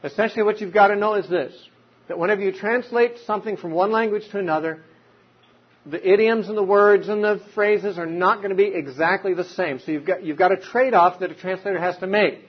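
A man's voice: high voice, a little fast. A man giving an unscripted Bible teaching talk, explaining with examples and rhetorical questions. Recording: dull lo-fi recording.

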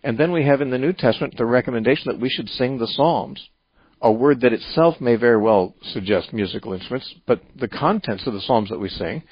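A man hosting a call-in radio show, giving measured, reasoned answers to a caller's question about the Bible. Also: medium pitch, breathy edge, no echo, dull audio.

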